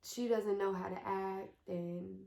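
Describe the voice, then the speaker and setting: A young woman vlogger telling a personal story to the camera, emotional and halting, with many pauses. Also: medium pitch, steady tone, gravelly, mellow. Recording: echoey room.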